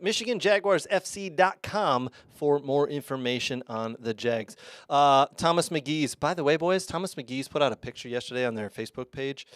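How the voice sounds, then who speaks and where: A man's voice: medium pitch, no echo. A middle-aged man hosting a casual sports show, rambling through sponsor reads with plenty of uh and um. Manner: chatty, rambling, lots of uh and um fillers. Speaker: podcast host.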